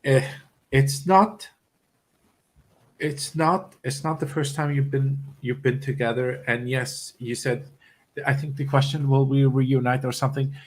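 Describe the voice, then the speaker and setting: A man giving a live psychic reading as a guest medium. He talks haltingly, repeats his words and gets emotional. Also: mid-range voice, steady tone.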